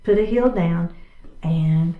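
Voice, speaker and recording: A woman's voice: fairly low pitch, slow, narrow, tinny audio. A woman chair yoga instructor, cueing each movement step by step in an encouraging way during a guided class. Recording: echoey room from a distance.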